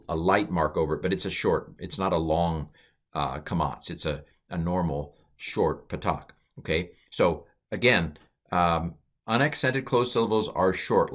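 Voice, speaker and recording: A middle-aged man giving a casual, chatty lecture over slides as a Hebrew teacher, full of fillers and side remarks, with his voice jumping up for emphasis. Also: a bit bright. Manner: chatty and digressive, many uh and um fillers, stress jumps to high notes.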